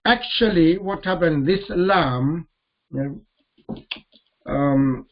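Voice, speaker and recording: A man teaching Arabic grammar in a lesson, slowly repeating terms and putting questions to his students. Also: a little high, dull audio. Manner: slow, deliberate, repeats terms and quizzes students. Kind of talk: live online grammar lesson.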